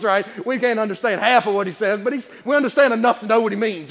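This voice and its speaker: A man's voice: high-pitched, fast talker, few pauses, a bit bright. A man preaching a sermon in a church, telling folksy stories with lots of stammered restarts. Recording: reverberant church hall.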